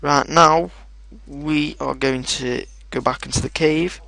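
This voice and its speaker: Gravelly, swearing game commentator. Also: male voice, a little high, takes it slowly, no echo. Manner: excitable, swears a lot, shouts at his in-game dogs. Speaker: gaming video host. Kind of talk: casual let's play commentary.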